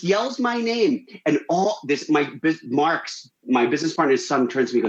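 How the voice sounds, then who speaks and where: Animated man telling a story, echoey. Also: moderate pace, highs cut off. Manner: animated, acts out quotes with big pitch jumps. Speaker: radio guest telling a story. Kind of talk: casual storytelling.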